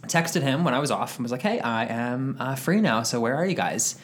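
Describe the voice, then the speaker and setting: A man's voice: mid-range voice, animated, a little fast, a little hiss or hum. Chatty man in his twenties. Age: 20s. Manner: chatty storytelling, laughs often. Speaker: podcast co-host. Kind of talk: casual chat.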